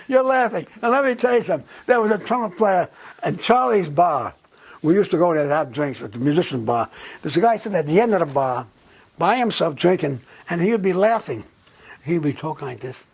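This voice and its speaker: Gravelly old man reminiscing. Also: a little high. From Brooklyn, New York. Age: 90s. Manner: blunt, animated storytelling with bursts of laughter. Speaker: jazz trumpeter. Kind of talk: candid reminiscing.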